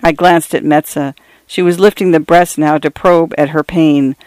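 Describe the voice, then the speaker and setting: A man narrating a first-person story in a measured, even way. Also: fairly high pitch, smooth, no room sound.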